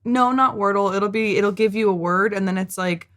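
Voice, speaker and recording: A woman's voice: mid-range voice, normal speed, fairly bright tone. Chatty American woman reacting casually. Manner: chatty, rambling, self-deprecating. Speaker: reaction video host. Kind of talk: casual chat.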